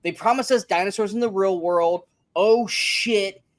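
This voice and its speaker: A man's voice: high voice, unhurried, no echo. Man, podcast co-host, casual movie chat, emphatic, profane, dry recording.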